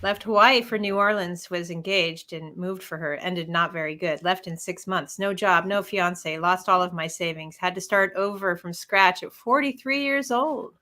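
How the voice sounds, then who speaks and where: Bright-voiced woman reading listener comments. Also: lowish voice, moderate pace, hardly any pauses. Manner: laughs often, reacts with short responses. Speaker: podcast co-host.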